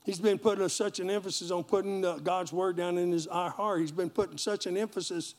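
A man's voice: high-pitched, fairly even intonation, a little fast, hardly any pauses, a little mellow. A man pastor, preaching a sermon in a folksy call-and-response manner and joking with the congregation.

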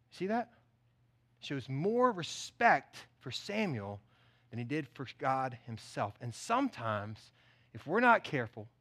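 A man preaching a sermon in an animated, conversational way, with asides to the congregation. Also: on the high side. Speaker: pastor.

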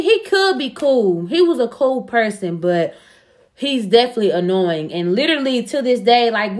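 A young woman telling personal stories in casual chat, blunt and profane, often laughing. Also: a little high. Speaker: podcast guest.

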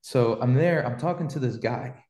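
A man hosts a podcast and tells a story in loose, slangy talk, with lots of "you know" and "like." His pitch sits right in the middle. The room around him gives his voice a noticeable echo. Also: normal speed, darkish tone. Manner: slangy, rambling storyteller with many fillers. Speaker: podcast host. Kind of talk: casual storytelling chat.

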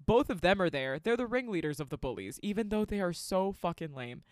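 Woman podcast co-host, profane movie recapper, very expressive delivery, dry close sound. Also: fairly low pitch, brisk, no room sound. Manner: profane, sarcastic storytelling.

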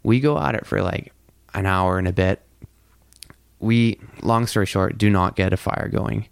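Gravelly low-voiced man telling a story. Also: normal speed, dry recording, studio quality. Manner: rambling, heavy on "like" fillers, swears freely. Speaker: podcast guest telling a story. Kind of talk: casual storytelling.

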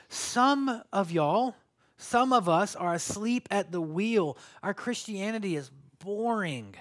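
A man's voice: sits high, expressive, measured pace. A man, preaching a sermon in a conversational, joking way that rises to emphatic calls. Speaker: pastor.

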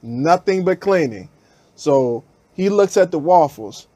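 A man with a slightly high voice hosts a podcast, slowly telling a story in casual slang. He animatedly acts out people's lines in raised voices. The recording has no room sound.

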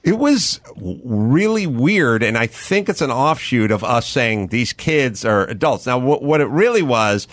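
A man in his fifties or older, hosting a casual studio talk show, telling stories in a rambling, animated way with many restarts. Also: mid-range voice, measured pace, hardly any pauses, no room sound. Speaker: podcast host. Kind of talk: casual chat.

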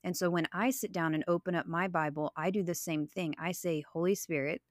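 A woman in her thirties talks on a faith podcast, sharing personal stories in an earnest, reflective way. Her voice sits low for a woman. The sound is dry and close, with no room echo. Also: steady tone, a little fast. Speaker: podcast co-host.

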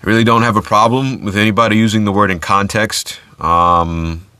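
Solo podcast host, man, low bright tone, dead-dry room, loose chatty delivery. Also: fairly even intonation, a little fast, no room sound. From United States. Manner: casual, conversational, many fillers and restarts.

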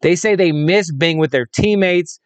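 A man's voice: on the high side, normal speed, no echo. A man hosting a solo fantasy football show, speaking with emphatic, repetitive conviction. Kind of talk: opinionated solo commentary.

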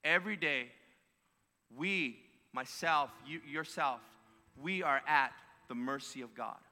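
Pastor, male, bright forceful preaching, repeats lines, big reverberant church sound. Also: fairly high pitch, slow. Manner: emphatic preaching with repeated phrases. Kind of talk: sermon. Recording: long hall reverb.

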